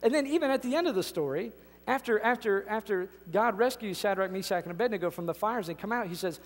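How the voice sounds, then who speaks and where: A man's voice: high voice, expressive, fast talker. A man preaching a sermon as pastor, emphatic and conversational, often restarting his sentences. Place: church sanctuary. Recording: reverberant church hall.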